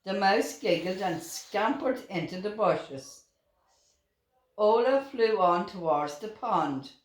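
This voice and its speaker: An older woman reading a children's picture book aloud, slow and expressive. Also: mid-range voice. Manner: slow and expressive, with lively voices. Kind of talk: storybook read-aloud. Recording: roomy echoing room.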